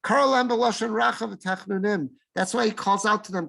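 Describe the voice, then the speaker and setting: Rabbi, middle-aged, higher-pitched man, teaching a Torah class and acting out the quotes. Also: fairly quick, vocal fry, hardly any pauses, a bit bright. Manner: explains Hebrew verses in English, acting out speakers' lines.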